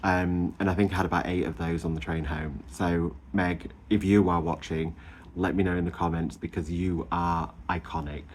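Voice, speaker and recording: Deep-voiced gushing man vlogging. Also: moderate pace, a little hiss or hum. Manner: gushing and animated, frequent ums and laughs. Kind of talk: casual chatty weight-loss update.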